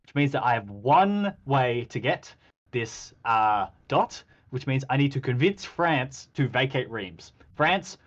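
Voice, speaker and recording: A man's voice: mid-range voice, slow, highs cut off. Chatty man recapping with acted-out quotes. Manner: animated storytelling, acts out quoted exchanges, frequent ums. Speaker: podcast host reviewing a game. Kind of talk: casual game recap chat.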